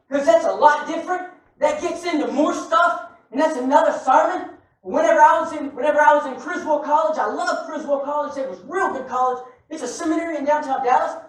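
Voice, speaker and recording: A man preaching a sermon to a congregation, animated and often shouting, with joking asides. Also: very high voice, a little fast. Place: church sanctuary. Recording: echoey church from far off.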